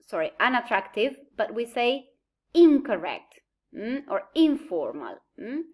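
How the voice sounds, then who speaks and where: Slow, deliberate woman teaching English stress. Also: a little high. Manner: slow, deliberate, tags points with a questioning "mm?"; stretches example words to show stress. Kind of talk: recorded online lecture.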